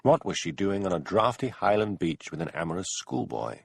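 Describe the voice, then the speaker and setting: A man narrating an audiobook in measured storytelling. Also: low voice, very animated, creaky, slightly rough, no echo. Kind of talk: scripted narration.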